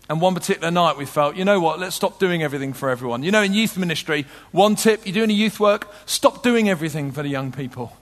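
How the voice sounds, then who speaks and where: Passionate preacher in a reverberant tent. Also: male voice. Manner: passionate, swings from loud urgent peaks to soft low moments. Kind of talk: sermon. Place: large tent.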